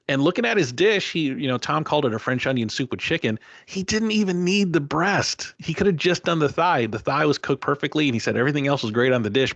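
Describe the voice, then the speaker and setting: A man hosting a podcast, recapping a cooking show in a casual, animated way. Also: mid-range voice, creaky, no room sound, muffled recording. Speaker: podcast host.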